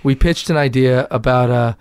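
A man's voice: medium pitch, normal speed, a little mellow, clean tone, dry recording. Candid man with a Boston accent. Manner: candid, loose, profane, laughing easily. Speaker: actor and director guest. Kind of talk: casual interview talk.

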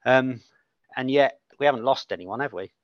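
A man's voice: medium pitch, moderate pace, dry recording. A man co-hosting a casual football podcast, blunt and jokey, swearing freely and firing eager questions. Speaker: podcast co-host. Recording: dry, dull lo-fi sound.

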